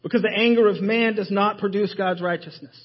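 A man preaching a sermon in a church, emphatic and full of rhetorical questions, often dropping his voice low to stress a point. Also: fairly even intonation, brisk, dull audio. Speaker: pastor. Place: church sanctuary.

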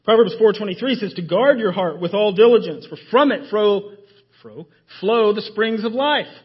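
Husky high-voiced male preacher. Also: animated, normal speed, muffled recording. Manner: emphatic, rhetorical questions, drops to near-whispers for stress. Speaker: pastor. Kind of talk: sermon. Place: church sanctuary.

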